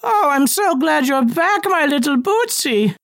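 A man voicing a frail, doting elderly woman who speaks slowly in a high, quavering voice. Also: expressive, creaky, a bit bright, dry recording, studio quality, exaggerated voice.

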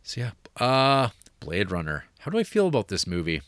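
Podcast co-host, male, slightly low voice, loose rambling delivery full of restarts. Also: wildly swooping pitch, moderate pace, fairly bright tone, no echo, studio quality. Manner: rambling, laughing, many fillers and restarts. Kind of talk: casual movie chat.

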